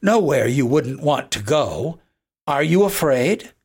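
A reader voicing a kind, strong grown man who helps a stranger in the snow in a storybook reading, gentle and reassuring in manner. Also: mid-range voice, sing-song, takes it slowly, husky, exaggerated voice. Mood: kindly. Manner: gentle and reassuring, then urgent calling.

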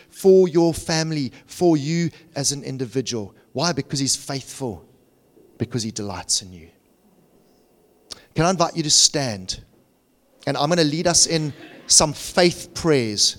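A middle-aged male pastor preaching in a church sanctuary, his voice sitting a touch higher than most men's. He builds passionate, repetitive appeals and then drops into quiet, humble prayer. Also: animated, measured pace, in a large hall. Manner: passionate, rising to urgent repetition then softening into hushed prayer. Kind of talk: sermon and closing prayer.

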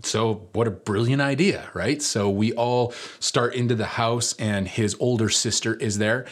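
A man preaching a sermon, telling a personal story in a relaxed, conversational way with many fillers. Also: medium pitch, measured pace. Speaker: pastor.

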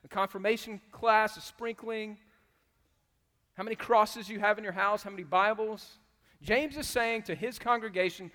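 High-voiced guy preaching a sermon, gets loud acting out quotes, big echoey church hall. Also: normal speed, long pauses. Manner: animated, acts out quotes loudly. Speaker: pastor. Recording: long hall reverb.

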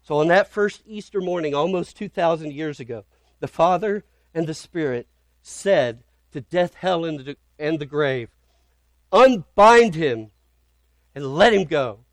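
A man's voice: fairly high pitch, moderate pace, dry recording. A man preaching a sermon as pastor, retelling scripture in an earnest storytelling way with dramatic emphasis.

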